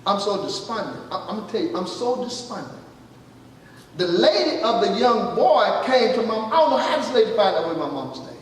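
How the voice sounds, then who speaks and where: A man pastor with a high-pitched voice and big pitch swings speaks briskly, telling a testimony in his sermon. He acts out the dialogue and calls out "you listening?" to the congregation. The sound comes from far off in an echoey hall, with faint noise.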